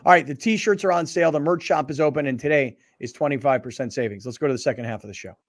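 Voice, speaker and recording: A male radio and TV show host chatting casually in a studio and acting out stories with lively dialogue. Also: mid-range voice, fast talker, no room sound. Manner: animated storyteller, acts out dialogue. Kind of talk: casual sports talk show chat. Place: broadcast studio. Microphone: studio microphone.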